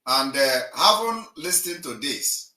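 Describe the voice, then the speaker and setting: A man giving an impassioned political address, emphatic and declaiming, swinging between loud and quiet. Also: a little high, animated, takes it slowly. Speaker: livestream broadcaster. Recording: echoey room, distant mic.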